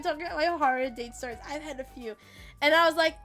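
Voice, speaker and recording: A young adult woman streamer chatting casually with viewers, telling stories in an animated, blunt way with plenty of swearing. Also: high voice, brisk, faint music behind. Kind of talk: casual storytelling chat.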